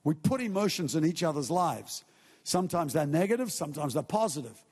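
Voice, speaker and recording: A man's voice: on the high side, big pitch swings, a little fast, a little mellow, breathy edge, big-room sound. A male pastor preaching a conversational sermon, acting out everyday scenes and quotes as he goes.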